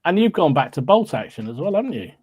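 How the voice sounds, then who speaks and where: A man's voice: on the high side, very animated, quick pace, a little mellow, breathy edge, dry recording. A man hosting a casual hobby podcast stream, greeting viewers by name and laughing often, with a cold. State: has a cold. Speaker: podcast host. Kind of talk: casual livestream chat.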